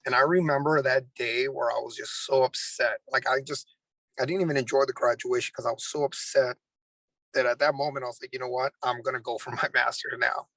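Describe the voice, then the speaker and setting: A man's voice: medium pitch, fairly even intonation, fairly quick, gravelly, fairly bright tone, no room sound, low-quality recording. A man, a Marine drill instructor, earnestly telling a personal story in an interview, with many restarts.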